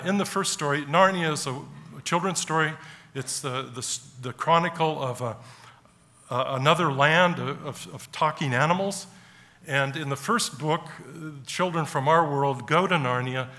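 A man preaching a sermon in a church, telling stories earnestly in short, paused phrases. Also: a little high, sharp tone.

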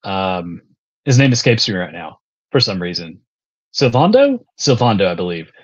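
A laid-back man on a podcast who rambles and searches for words. His voice is husky and fairly low, and it comes through dull, muffled lo-fi audio. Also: moderate pace. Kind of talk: casual podcast chat.

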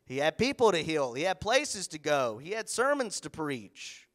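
A man preaching a sermon as pastor in a church, animated, acting out the voices of others. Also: on the high side, normal speed.

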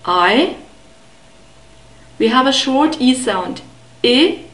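A woman teaching a beginner language lesson, carefully modeling sounds and repeating words slowly. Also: on the high side, animated, a bit bright, reverberant, poor audio. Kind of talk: slow, deliberate pronunciation lesson.

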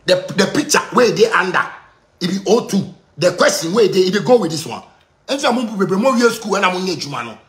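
A man with a Ghanaian accent on a heated, repetitive monologue in pidgin, breaking into bursts of shouting. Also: high-pitched, animated, quick pace, roomy sound.

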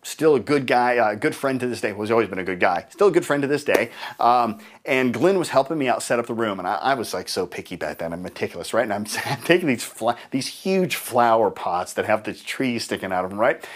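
A man giving a live seminar talk, telling stories and acting out both sides of conversations in a raised, lively voice. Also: a little fast, hardly any pauses. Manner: animated storyteller acting out dialogue in higher voices. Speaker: seminar speaker and trainer.

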